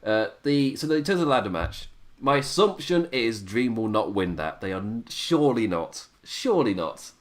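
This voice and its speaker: A man's voice: mid-range voice, big pitch swings, moderate pace. An English man hosting a wrestling review podcast, talking casually and laughing often. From England. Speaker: podcast host.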